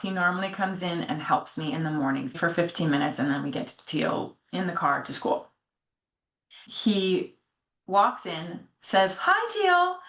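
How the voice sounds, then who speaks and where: A middle-aged woman telling a personal story in a candid, animated way, often slipping into the voices of people she quotes. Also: mid-range voice. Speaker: podcast co-host. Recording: echoey room.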